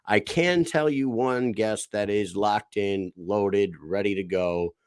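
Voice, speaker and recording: A man's voice: lowish voice, slow pace, smooth, no room sound, studio quality. A man in his thirties co-hosting a podcast in casual chat, joking and swearing freely. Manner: profane, joking, excitable. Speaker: podcast co-host.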